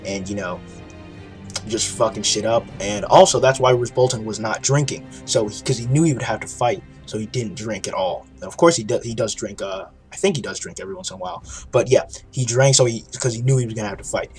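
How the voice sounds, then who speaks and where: A man with a somewhat low voice recaps a TV episode in a casual video review. He talks excitedly, swears freely and restarts his sentences often. Faint music sits underneath. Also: a little fast. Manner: excited, profane storytelling with frequent restarts.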